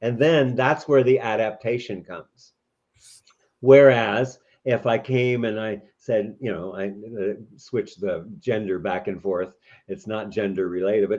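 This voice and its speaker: A man's voice: fairly low pitch, fairly even intonation, a little slow, darkish tone. Interview guest, male, reflective and explanatory, dull muffled recording. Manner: thoughtful, explanatory, many restarts. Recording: dull lo-fi audio.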